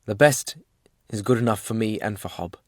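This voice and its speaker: A man reading an audiobook, voicing a plain-spoken, warm-hearted working man who tells his story earnestly. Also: fairly low pitch, normal speed, no echo, clean studio sound, natural voice.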